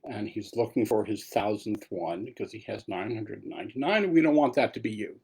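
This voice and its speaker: A man's voice: lowish voice, a little fast, darkish tone, slightly rough. A man giving a dharma talk as a meditation teacher, telling a story in a casual way with asides.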